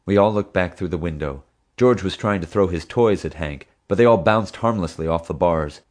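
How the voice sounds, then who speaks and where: A man narrating an audiobook in expressive storytelling fashion. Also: deep voice, moderate pace. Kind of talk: scripted narration.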